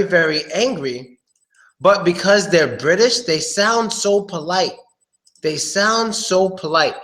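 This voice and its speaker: A man's voice: on the high side, fairly bright tone. A man giving a casual, joking live-stream pronunciation lesson, talking straight to his viewers. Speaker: English pronunciation teacher.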